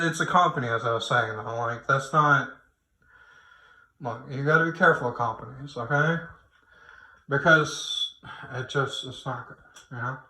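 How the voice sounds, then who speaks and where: A man's voice: medium pitch, pushed and bright. A man giving a casual late-night opinion rant at home, rambling and swearing, with frequent restarts. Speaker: online commentator. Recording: echoey room.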